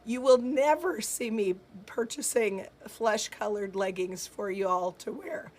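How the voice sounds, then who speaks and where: A woman's voice: medium pitch, unhurried, a little mellow. A woman hosting a live jewelry sale from her shop, chatting in an upbeat way and answering viewer comments. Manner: chatty and upbeat, with frequent fillers and laughs. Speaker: host of a live jewelry shopping stream.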